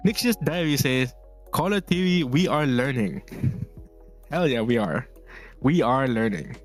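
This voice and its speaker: A man's voice: medium pitch, animated, unhurried, soft background music. A man from the Philippines streaming casually while drawing, rambling, laughing often and reading chat messages aloud.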